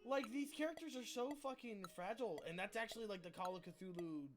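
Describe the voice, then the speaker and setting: A player in casual chat about a tabletop game, lively and profane, laughing often. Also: medium pitch, a little fast, music in the background.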